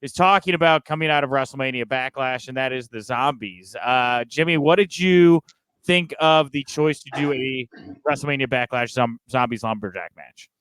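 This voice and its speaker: A man's voice: mid-range voice, moderate pace, fairly bright tone, clean tone, no room sound, rough recording. A man hosting a podcast, asking questions in an eager, conversational way with lots of fillers. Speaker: podcast host. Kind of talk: casual interview chat.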